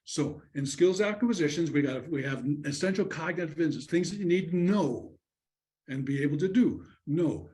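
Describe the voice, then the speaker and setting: A man's voice: on the high side, expressive, normal speed, darkish tone. A man giving an online conference lecture on counseling students, talking conversationally and acting out what a student and a counselor would say. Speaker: conference presenter. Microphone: video call.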